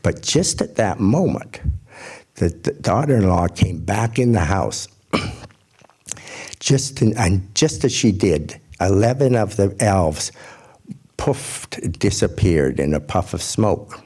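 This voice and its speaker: A man telling a folk tale to a gathering, in a measured, gentle storytelling manner. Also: sits low, lively intonation, slightly rough.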